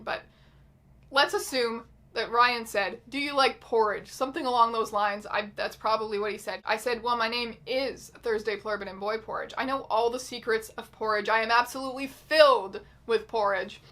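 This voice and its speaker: A woman hosting her own channel, reading out chat messages in a casual, wry, deadpan way with some swearing. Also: fairly high pitch, fairly quick. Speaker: YouTube host.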